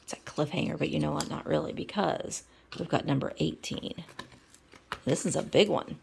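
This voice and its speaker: A woman's voice: deep voice, moderate pace, creaky, a little mellow, slight background noise. A woman vlogger reading a storybook aloud, with chatty asides between passages.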